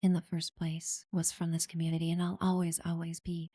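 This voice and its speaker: A woman's voice: lowish voice, completely flat delivery, brisk, no room sound, studio quality. A woman streamer chatting casually during live gameplay, thanking new followers and talking about her community. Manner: friendly, thanks followers warmly, many fillers.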